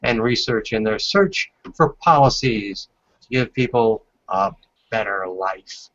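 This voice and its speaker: A man's voice: fairly low pitch, lively intonation, slow pace, a bit bright. A man hosting a casual video call, reading aloud from a report and adding asides. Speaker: host. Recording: dull lo-fi video call audio.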